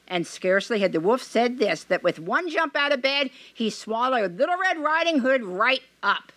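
A woman reading a fairy tale aloud in an expressive, measured way. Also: a little high, no room sound.

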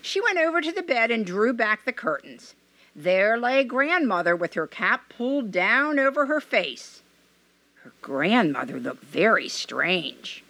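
A woman reading a fairy tale aloud in an expressive, measured way. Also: mid-range voice, vocal fry, no echo.

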